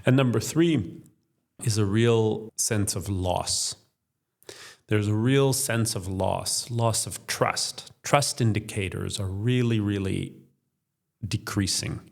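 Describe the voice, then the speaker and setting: A man with a gravelly, creaky voice gives structured interview answers, walking through his points one by one. His voice sits a little low. He speaks as the head of a think tank. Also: slow. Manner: structured, explanatory, lists points in order. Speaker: think tank chief executive, podcast guest.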